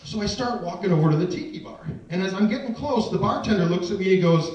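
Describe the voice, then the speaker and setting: A man's voice: high-pitched, fast, a little mellow, muffled recording. A man doing a self-deprecating stand-up routine, telling a story with asides to the audience. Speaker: stand-up comedian. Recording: echoey room, distant mic, audience laughter. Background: audience laughter.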